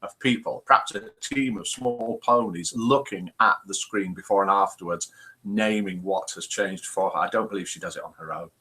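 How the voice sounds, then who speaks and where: A man's voice: sits low, moderate pace, pushed and bright. A man hosting a live morning chat show, chatting playfully and reading out jokes and viewer scores. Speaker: host.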